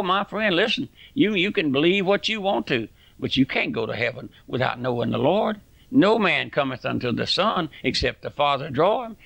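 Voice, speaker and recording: Fiery preacher man, gravelly. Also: on the high side, fairly bright tone, no echo. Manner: impassioned, preachy, folksy sayings. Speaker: radio preacher. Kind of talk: fiery radio sermon.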